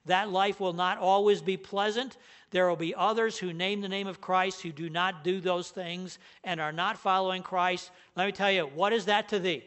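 High-voiced earnest male preacher. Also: fairly even intonation, normal speed, fairly bright tone. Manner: earnest, emphatic, stresses key words. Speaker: pastor. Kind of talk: sermon.

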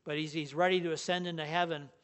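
A man's voice: fairly high pitch, level tone, quick pace, a bit bright. A man preaching a sermon as pastor, earnest and emphatic, leaning hard on the key words.

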